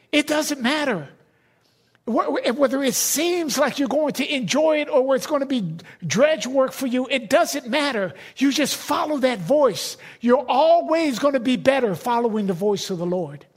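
A man's voice: very high-pitched, animated, unhurried, slightly rough. A middle-aged man, a pastor, preaching a sermon in a conversational, emphatic way with personal stories.

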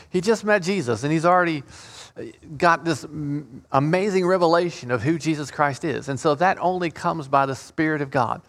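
A man's voice: a little high, moderate pace, a bit bright. A man leading an informal Bible study, reading King James scripture aloud and explaining it with frequent restarts and repeated words. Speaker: Bible teacher.

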